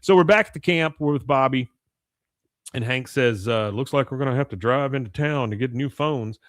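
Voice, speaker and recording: A man's voice: mid-range voice, normal speed, no room sound, clean studio sound. A man hosting a podcast in casual chat, retelling scenes and quoting characters' lines with frequent laughter. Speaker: podcast host recapping an episode.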